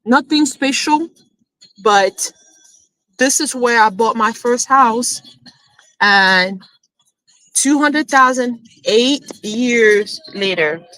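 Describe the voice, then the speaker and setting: A woman, a real estate coach chatting emotionally on a live stream, excited as she talks. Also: fairly high pitch, extremely slow, pauses often, rough recording. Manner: excited, emotional, switching into French.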